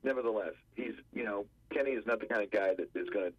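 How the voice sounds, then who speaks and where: Attorney guest calling in by phone, a husky man who acts out quotes, a muffled and dry line. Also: lowish voice, fast talker, no room sound. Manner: animated storyteller acting out quotes. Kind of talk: radio phone interview storytelling. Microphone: telephone.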